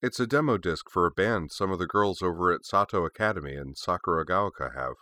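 An easygoing, teasing young woman, as a male narrator reads her lines in a storybook recording. Her manner is wry and relaxed, carried in a low voice. The sound is crisp, dry and close. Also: brisk, no room sound. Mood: amused.

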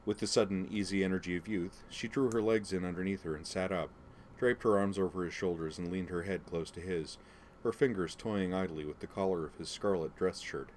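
A man narrating a story aloud at an even, unhurried pace. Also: low-pitched, a little hiss or hum. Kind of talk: audiobook narration.

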